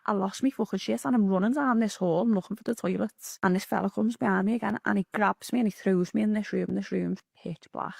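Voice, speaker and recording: A woman with a Liverpool accent telling a story casually, animated and full of swearing. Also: medium pitch, quick pace, creaky, few pauses, husky, no room sound, clean studio sound. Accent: Liverpool (Scouse). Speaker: interview guest telling a story.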